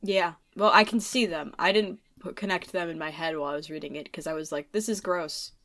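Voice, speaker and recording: A woman's voice: low voice, flat delivery, fast, a bit bright. A woman co-hosting a casual book discussion podcast, reacting candidly and briefly.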